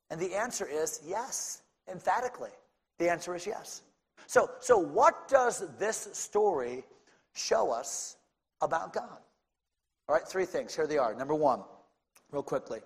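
A male pastor preaching a sermon, swinging from casual talk with the congregation to fervent shouting. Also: on the high side, slightly rough. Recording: long hall reverb.

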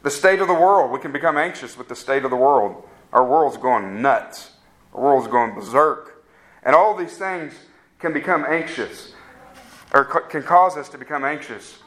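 A man's voice: medium pitch, moderate pace, fairly bright tone. A man preaching a sermon, conversational and asking the congregation questions. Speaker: pastor.

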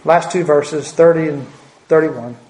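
A man delivers a sermon in a church sanctuary, his voice sitting a little high. He speaks earnestly, repeating key phrases for emphasis and dropping in folksy asides. The sound carries a roomy church echo. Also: a little slow, a little mellow. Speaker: preacher.

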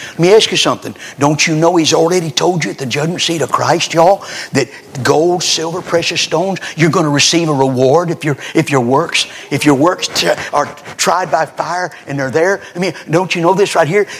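Swinging from loud exhortation to quiet scripture reading, this male preacher delivers a revival sermon full of folksy rhetorical questions. His voice is husky and a little high.

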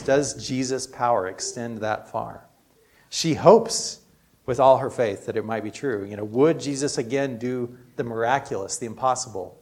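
Man preaching a conversational sermon. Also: medium pitch. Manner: earnest, conversational preaching with frequent "you know". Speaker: pastor.

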